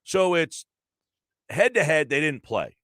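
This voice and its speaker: A male sports radio host talking through the standings out loud in an animated way. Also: on the high side, slow pace, no echo, clean studio sound. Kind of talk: live sports talk radio.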